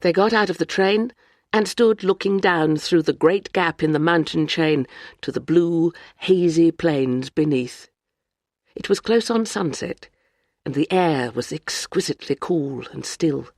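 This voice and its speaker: An audiobook narrator giving a measured, even scripted narration of a novel. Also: medium pitch, no echo, clean studio sound.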